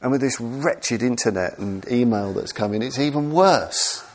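A man's voice: medium pitch, moderate pace. A man giving an earnest, self-deprecating Buddhist dharma talk, full of restarts and repetitions. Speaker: Buddhist teacher.

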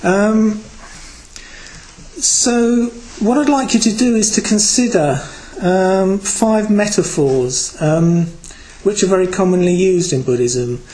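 Man, British, Buddhist teacher, dharma talk, reflective, hesitant, fillers, slightly high voice. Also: slow, dark tone, rough recording.

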